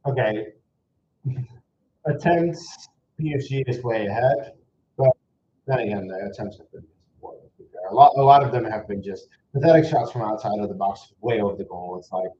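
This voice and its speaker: Dutch streamer with American-tinged English. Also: male voice, mid-range voice, lively intonation, moderate pace, long pauses. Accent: American-influenced English. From Netherlands. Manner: chatty, exasperated, rambling asides. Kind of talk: live reaction commentary. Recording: slightly dull echoey room with faint noise.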